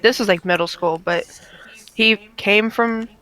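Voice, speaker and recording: A woman's voice: medium pitch, unhurried, fairly bright tone, rough recording. A woman telling an offhand story in casual gaming chat, full of fillers. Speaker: gamer in voice chat.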